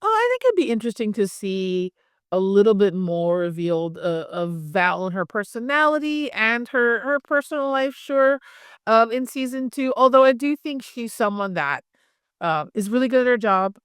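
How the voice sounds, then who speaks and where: Friendly woman from Hawaii chatting casually in an interview; smooth tone, dry close mic. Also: a little high, animated, normal speed, a bit bright, no echo. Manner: friendly, chatty, many fillers like "like" and "um". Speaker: actress interviewee.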